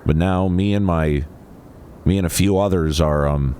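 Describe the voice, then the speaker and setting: A man reading aloud the lines of a frightened young woman survivor in a video game, in a halting, hushed delivery. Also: low-pitched, a little hiss or hum, close to an everyday voice. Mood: haunted.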